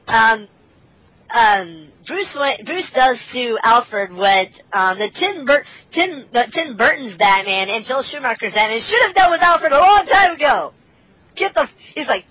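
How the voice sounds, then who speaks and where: A woman's voice: on the high side, a bit bright, breathy edge, dry recording, low-quality recording. A woman hosting a casual podcast chat, ranting with lots of swearing and stammered restarts. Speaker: podcast host.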